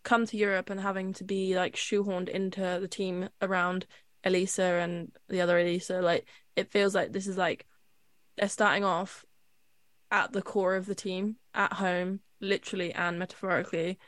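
A woman's voice: lowish voice, flat delivery, moderate pace, a bit bright, no echo, clean studio sound. A woman co-hosting a podcast, talking in long runs full of fillers. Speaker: podcast co-host. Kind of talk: casual podcast chat.

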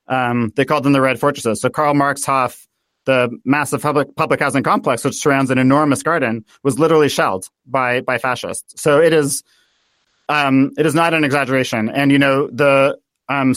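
A man from the United States, a guest in a political interview, talking in an animated way and thinking aloud with many fillers. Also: mid-range voice, dry recording. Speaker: guest author.

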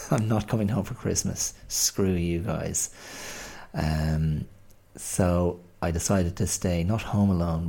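A man's voice: deep voice, gravelly, darkish tone, slightly rough. A man in his forties, hosting a podcast in a rambling, self-deprecating, chatty monologue. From Ireland. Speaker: podcast host. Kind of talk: casual monologue.

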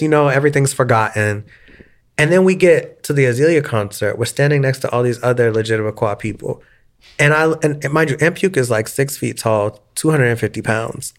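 A young man co-hosting a podcast, telling a story in casual chat, dramatic and profane, acting out the voices of the people he quotes. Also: on the low side. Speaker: podcast co-host.

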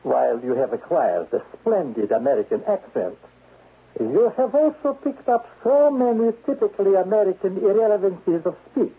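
A man performs an exaggerated, high-pitched, sing-song voice with a breathy edge at a moderate pace, playing a stern, sarcastic foreign spy chief. The character is cold, menacing and icy, heard through the lo-fi, narrow-band sound of a 1970s radio drama.

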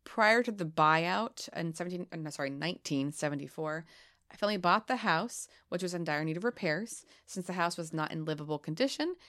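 A woman co-hosting a casual podcast, reading spooky legends aloud in a playful, giggly way with dramatic pauses. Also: on the low side, animated, fairly bright tone. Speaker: podcast co-host.

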